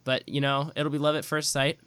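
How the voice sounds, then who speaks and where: A man's voice: on the high side, little pitch movement, brisk, fairly bright tone, clear, resonant tone, no room sound. A young man hosting a podcast, chatting casually and teasing his co-host with playful, rambling restarts.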